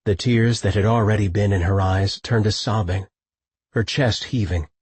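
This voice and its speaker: A man narrating an audiobook in a low, husky voice. He is recorded close on a studio mic with a dry sound. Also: moderate pace, a little mellow, dry recording.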